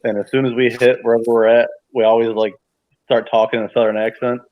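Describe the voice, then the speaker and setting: A man's voice: mid-range voice, fast talker, no echo, low-quality recording. A man from New York hosting a casual group chat, telling stories and laughing often. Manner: laughs often, animated storytelling. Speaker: host.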